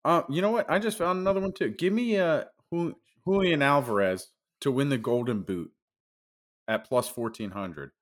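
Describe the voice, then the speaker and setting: A man's voice: medium pitch, moderate pace. A man co-hosting a sports betting podcast, trading brash teasing banter while reading out his picks. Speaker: podcast co-host. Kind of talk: casual sports betting chat.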